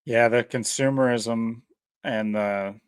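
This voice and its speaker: Guy rambling on a podcast, animated, dry close sound. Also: medium pitch, slow, clear, resonant tone, dry recording. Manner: rambling, animated, laughs often. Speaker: podcast co-host. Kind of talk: casual chat.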